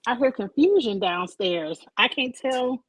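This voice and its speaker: A woman's voice: fairly high pitch, lively intonation, a little slow, fairly bright tone, no room sound, poor audio. A woman co-hosting a casual chat show, talking in a chatty, opinionated, slangy way. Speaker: podcast co-host. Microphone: desk mic.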